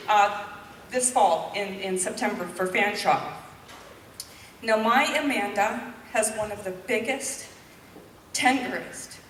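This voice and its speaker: Woman in her 50s giving a candid, heartfelt talk; higher voice, roomy hall, distant mic. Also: bright, forceful tone, a little hiss or hum. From Canada. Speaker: public speaker. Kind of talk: personal talk to an audience.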